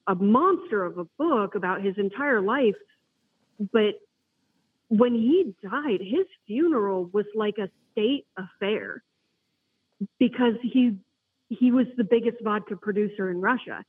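A man's voice: high voice, slightly rough. A man chatting enthusiastically on a podcast, rambling a little, heard over a phone call. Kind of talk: casual podcast chat. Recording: tinny phone line.

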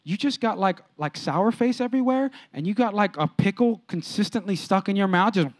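A man's voice: sits high, expressive, brisk, no room sound. A man preaching a sermon as pastor, emphatic and repetitive, calling on his congregation to respond.

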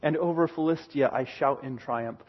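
A man preaches a sermon of earnest expository Bible teaching, voicing God's words with heavy emphasis and paraphrasing Him in a booming voice. He speaks at a moderate pace in a slightly rough voice, and the recording sounds muffled.

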